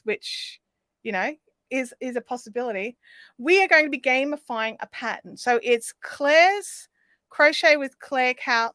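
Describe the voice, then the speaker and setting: Woman, higher voice, crisp bright tone, chatty live-stream host, answers chat. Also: no echo, clean studio sound. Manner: rambling with frequent ums and restarts. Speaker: livestream host.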